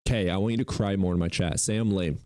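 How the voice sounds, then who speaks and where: Young guy streaming, mocks callers and chat, swears a lot, deep mellow voice. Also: steady tone, fast, no room sound, studio quality. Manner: taunting and mocking, swears, bursts into laughter. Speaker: streamer hosting call-in debates. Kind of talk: livestream debate with chat.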